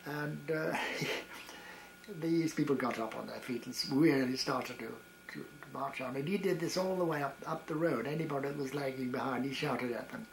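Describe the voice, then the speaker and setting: Halting elderly man telling old war stories. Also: mid-range voice, vocal fry, slight background noise, poor audio. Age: 80s. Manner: halting, with many restarts and chuckles. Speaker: retired variety performer recalling wartime. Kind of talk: reminiscing storytelling.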